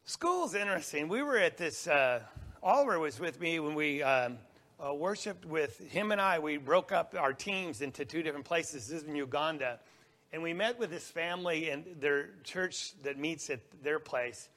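A man's voice: a little high, expressive, normal speed, a bit bright. Folksy man narrating a slide show. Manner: folksy, rambling, with small restarts and laughs. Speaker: mission trip speaker. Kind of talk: slide presentation talk.

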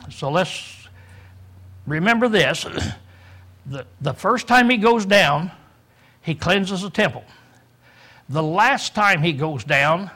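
A man preaching a verse-by-verse Bible lesson in a high, bright voice. He clears his throat often as he goes. He acts out the quoted speakers to make his points. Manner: teaching tone, acting out quoted lines, frequent throat clearing. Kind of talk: sermon, verse-by-verse Bible teaching.

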